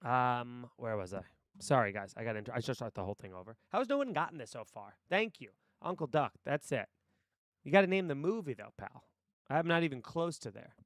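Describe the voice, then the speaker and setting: A man's voice: medium pitch, sing-song, a little fast, a bit bright, no room sound, studio quality. A man live-streaming, chatting loosely in a stream-of-consciousness ramble, swearing freely and talking to his viewers. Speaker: streamer and actor. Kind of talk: casual live-stream chat. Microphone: desk mic with headphones.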